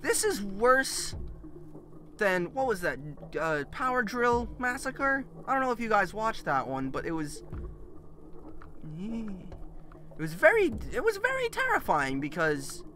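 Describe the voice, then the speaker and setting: A man's voice: sits high, big pitch swings, a little slow, sharp tone, slight background noise. Panicky screaming man playing a horror game. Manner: panicky, screaming and laughing nervously. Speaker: let's play gamer.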